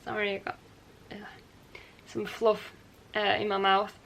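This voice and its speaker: A woman's voice: medium pitch, flat delivery, measured pace, gravelly, a bit bright. A young woman hosting her knitting podcast, talking casually and rambling a little with light laughs and self-corrections as she shows her work. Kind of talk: casual show-and-tell chat.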